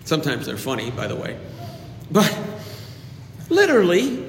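An older man preaching a sermon as pastor, animated, acting out voices and shouting praise. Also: a little high, normal speed, a little hiss or hum. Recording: echoey hall with long reverb.

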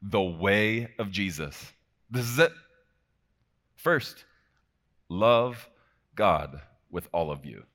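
A deep-voiced man preaching with real fervor. His delivery surges to loud, ringing emphasis, then drops to a hushed, intimate tone, and he keeps checking in with his listeners. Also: big pitch swings, drawn-out words, pauses often. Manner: fervent, swings between shouting and hushed emphasis; talks to the congregation directly with frequent "okay?". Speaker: pastor. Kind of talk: sermon.

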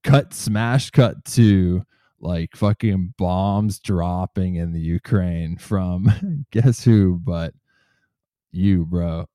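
A man hosting a casual comedy podcast, swearing freely and reading news quotes aloud in a relaxed, joking way. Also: deep voice, extremely slow, no room sound, studio quality. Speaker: podcast host.

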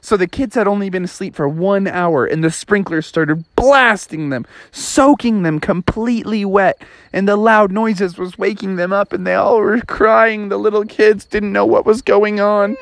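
A woman's voice: mid-range voice, normal speed. A woman casually telling a playful bedtime story, talking straight to the children. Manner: playful, animated, talks straight to kids.

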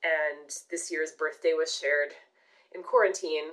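A woman telling a long personal story in casual podcast chat, animated and swearing casually. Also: sits low, measured pace, rough recording.

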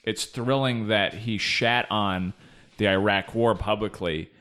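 Male co-host, low voice, blunt, profane, animated political banter. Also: slow, slight background noise. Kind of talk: casual political chat.

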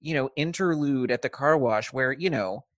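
Podcast co-host, male, chatty and profane, close dry mic, mid pitch. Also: moderate pace, a bit bright, no room sound. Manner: chatty, swears, laughs easily. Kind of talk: casual film discussion.

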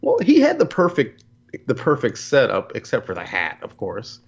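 A man in casual chat as a podcast co-host, laughing and joking, slipping into quick impressions. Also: medium pitch, breathy edge, highs cut off. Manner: laughing, animated, jokey impressions.

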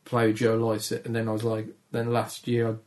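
A young man with a Dudley accent and a gravelly, deep voice, a comedian talking in a casual interview in a shy, low-energy way. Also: completely flat delivery, brisk, darkish tone. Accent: Dudley, Black Country. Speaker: comedian guest.

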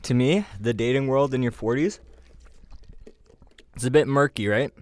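A man's voice: mid-range voice, moderate pace, no room sound. A man co-hosting a podcast, joking around and swearing while sweating from hot sauce. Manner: joking, profane, hyped up. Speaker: podcast co-host. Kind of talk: casual chat.

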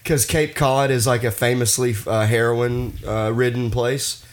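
A man's voice: medium pitch, fairly even intonation, unhurried, slight background noise. A man from the Boston area with a Boston accent, cracking crude jokes as a podcast host who keeps cutting in. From Boston area, Massachusetts. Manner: loud, joking, keeps cutting in with "hey". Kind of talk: crude casual podcast banter.

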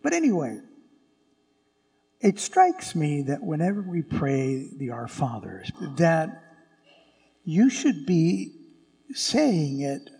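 Slow, gravelly priest in a reverberant church. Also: male voice, fairly high pitch, dark tone. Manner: slow, conversational preaching with frequent restarts. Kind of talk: homily.

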